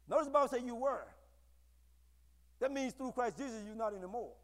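High-voiced preaching man in an echoey hall. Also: expressive, fast. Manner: call-and-response preaching, rising to shouts. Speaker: pastor. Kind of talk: sermon. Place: church sanctuary.

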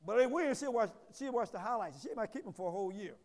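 In a church sanctuary, a high-voiced pastor delivers a quick sermon with lively intonation, swinging between shouted climaxes and folksy asides. A long reverb carries his voice through the hall.

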